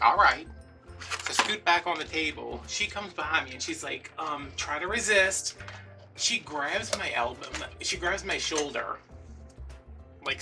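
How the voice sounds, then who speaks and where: A man casually telling a story while crafting at home, animated and chatty, acting out the other people in it. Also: on the high side, far from the mic. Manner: chatty, animated retelling with quoted dialogue. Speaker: vlogger.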